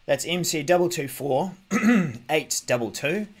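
This fairly high-voiced man talks a little slowly as he gives a relaxed tech news rundown on his podcast from a desk mic. Loose and chatty, he thinks out loud, full of ums and restarts.

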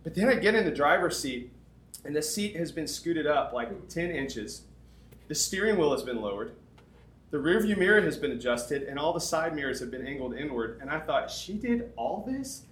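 A young man preaches in a storytelling way, acting out the lines of the people in his story. His voice sits a little high for a man. The room around him is echoey. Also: moderate pace. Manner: animated storyteller, acts out dialogue. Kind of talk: sermon storytelling.

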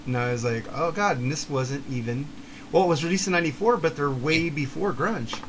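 A middle-aged man co-hosting a podcast, chatting casually about rock bands in a relaxed, rambling way, with frequent chuckles. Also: fairly high pitch, fairly quick, a crowd in the background. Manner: laid-back, rambling, chuckles often. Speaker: podcast co-host.

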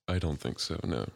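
A young man with a very low voice chatting loosely on a podcast, recorded close and dry. He is laid-back, laughs a lot and answers in short, dry bits. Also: creaky, a bit bright, dry recording. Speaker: podcast co-host. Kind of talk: casual chat.

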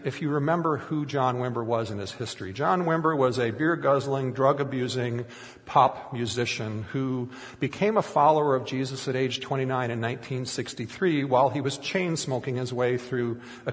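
Man, middle-aged pastor, animated sermon storytelling, mid-pitched voice, long hall reverb. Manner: animated storytelling with acted-out quotes.

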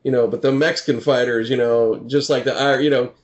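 A man's voice: medium pitch, fairly even intonation, a little fast, muffled recording. A man in casual chat, rambling and searching for words, full of fillers. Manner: rambling, many "you know" fillers, laughs often.

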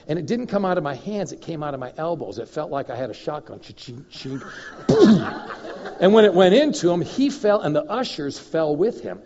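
A male guest minister tells stories from the pulpit, lively and chuckling, breaking into little sound effects. His voice comes through a dull, muffled recording with a long church-hall echo. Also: fairly high pitch. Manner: animated storyteller, chuckles, mouth sound effects. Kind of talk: sermon with personal storytelling.

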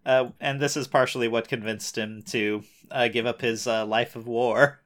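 A man's voice: mid-range voice, steady tone, normal speed, a bit bright. Wry young man full of uhs. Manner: lots of uh fillers, wry teasing. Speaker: podcast co-host. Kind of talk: casual recap chat.

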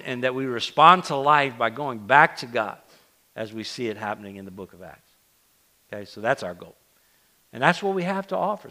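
Bright-voiced man preaching a casual sermon. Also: medium pitch. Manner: conversational, self-deprecating, frequent restarts and asides to the congregation. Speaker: pastor. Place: church sanctuary.

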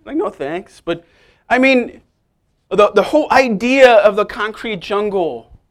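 A man preaching a lively, joking sermon straight to the congregation. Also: sits high. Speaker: guest preacher. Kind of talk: sermon with humor.

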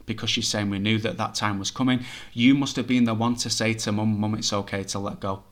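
A man who works as a psychic medium gives a reading to a sitter, passing along messages in a chatty, reassuring way. His voice is on the low side, steady in tone, and his delivery is brisk.

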